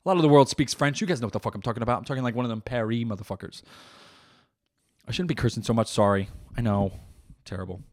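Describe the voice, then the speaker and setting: A man's voice: medium pitch, rapid-fire, no echo. Young male comic host, rambling casual riff, heavy swearing, close dry mic. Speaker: comedian podcast host. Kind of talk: casual comedic monologue.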